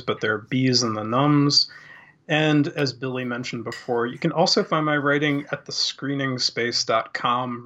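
A man's voice: mid-range voice, sharp tone, dull audio. A man co-hosting a podcast in casual chat, playful and wry. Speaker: podcast co-host.

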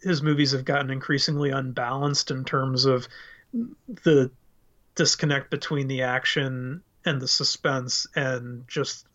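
A man's voice: mid-range voice, little pitch movement, measured pace, a bit bright. A man chatting casually about movies as a podcast co-host, rambling and self-aware about his tangents. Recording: dull lo-fi sound.

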